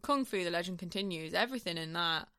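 A woman's voice: lowish voice, expressive, fast, bright, forceful tone, clear, resonant tone, dry recording, clean studio sound. A woman co-hosting a podcast, recapping a TV episode with playful banter and frequent laughter. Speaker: podcast co-host. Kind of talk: casual chat recapping a TV episode.

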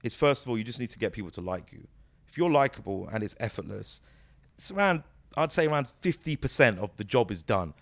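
Animated man telling stories. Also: mid-range voice, fairly quick, creaky. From United Kingdom. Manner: animated storyteller, breaks into impressions, many restarts. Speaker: interview guest, comedic actor. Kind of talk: casual conversational interview.

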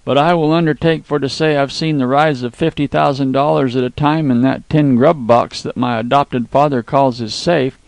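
Male narrator as a young Texan outlaw: calm, cocky, gravelly drawl. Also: medium pitch, no room sound, lightly acted. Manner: calm drawl with cowboy slang.

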